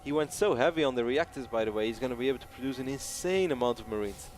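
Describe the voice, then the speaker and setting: A male esports caster calling a match live with easy, upbeat energy. His voice sits at an ordinary mid pitch, and he mixes play-by-play with jokes and frequent laughter. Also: expressive, fast, noisy background. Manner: upbeat, jokey, laughs often. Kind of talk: play-by-play game commentary.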